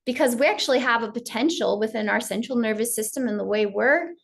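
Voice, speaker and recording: A woman teacher giving a gentle, story-filled spiritual talk on yoga. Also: on the high side, quick pace, creaky.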